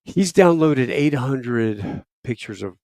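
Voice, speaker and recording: A man in his fifties, a podcast guest telling a casual story, profane, with loud bursts and quiet asides. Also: mid-range voice, animated, slow, dry recording.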